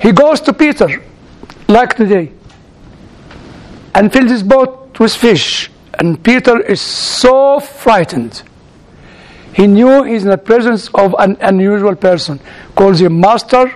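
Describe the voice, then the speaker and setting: A man from outside the United States preaching through personal stories, halting and repeating words as he searches, with chuckling asides. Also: sits high, expressive. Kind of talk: sermon told as personal stories.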